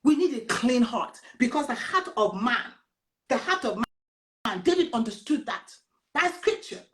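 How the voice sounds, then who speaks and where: A high-pitched woman gives a casual sermon. She is animated and laughs often between verses, and she repeats key phrases for emphasis. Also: unhurried. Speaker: preacher. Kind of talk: casual sermon reading scripture.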